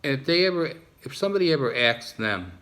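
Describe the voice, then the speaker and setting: A vlogger with a New Jersey accent rambles through a casual monologue, his medium-pitched voice sing-song, quick, and a bit bright. He keeps restarting his sentences and repeating himself.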